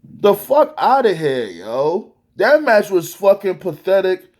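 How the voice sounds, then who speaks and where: Man, high-pitched voice, profane wrestling rant, exasperated, animated. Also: takes it slowly. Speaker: wrestling reviewer. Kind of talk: profane ranting review.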